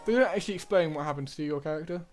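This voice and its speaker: A man's voice: on the high side, very fast, faint music behind. A man casually commenting while playing and reading through a video game, with offhand asides. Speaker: video game player narrating. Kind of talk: casual let's-play commentary.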